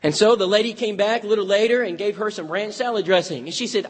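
A man's voice: high-pitched, fast, hardly any pauses, husky, long reverb tail. A man preaching a sermon, moving from folksy humor into earnest, dramatic storytelling.

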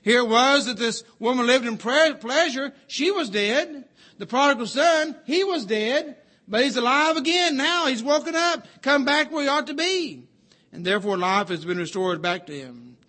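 A man preaching an earnest sermon, repeating key phrases slowly for emphasis. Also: very high-pitched, animated, sharp tone.

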